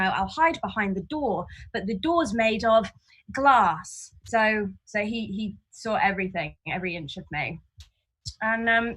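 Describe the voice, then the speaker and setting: A woman doing a frank, ranting stand-up set from her flat. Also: a little high, slightly rough, poor audio. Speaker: stand-up comedian. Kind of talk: stand-up set streamed from home. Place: flat, indoors.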